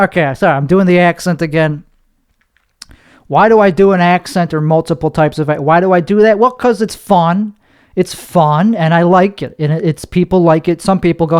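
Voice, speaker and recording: A man's voice: high voice, normal speed, smooth. A young man hosting a solo podcast monologue, talking in an anxious, rambling way with heavy cursing. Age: young adult. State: nervous. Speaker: podcast host.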